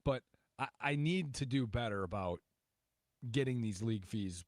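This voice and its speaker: A man's voice: mid-range voice, expressive, normal speed, no echo, studio quality. A man hosting a sports radio show, chatting casually in an easygoing, agreeable way. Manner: easygoing, agreeable, lots of fillers.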